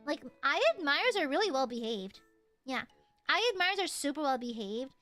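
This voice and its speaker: A woman streamer in casual chat with her viewers, playful and teasing, jumping from loud squeals to low mutters. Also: sing-song, normal speed, soft background music.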